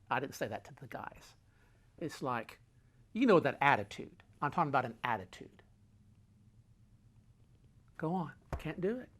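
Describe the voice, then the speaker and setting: A middle-aged man hosting a motivational talk, emphatic and folksy, repeating key phrases and swinging between loud and quiet. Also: a little high. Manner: folksy, talks with his hands. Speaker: host.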